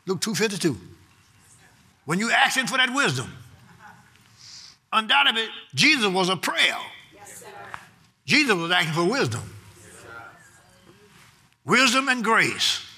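A man preaching a sermon with fervent, rhythmic repetition and folksy phrasing. He rises to shouted peaks at times. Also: high-pitched, big pitch swings, measured pace, pauses often, breathy edge.

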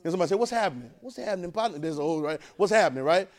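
A man preaching a sermon, urging the congregation to repeat lines after him and swinging between quiet, drawn-out talk and loud bursts. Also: high-pitched, animated.

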